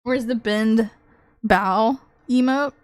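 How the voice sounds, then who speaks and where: A woman livestreamer in casual chat with her viewers, excitable, swearing freely and laughing often. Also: a little high, slow, no room sound, studio quality.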